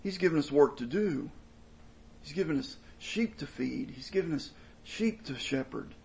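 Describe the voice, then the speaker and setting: Gravelly-voiced man preaching earnestly. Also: on the high side, animated, moderate pace, darkish tone, poor audio. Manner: earnest expository preaching, emphatic and repetitive. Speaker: pastor. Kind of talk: sermon.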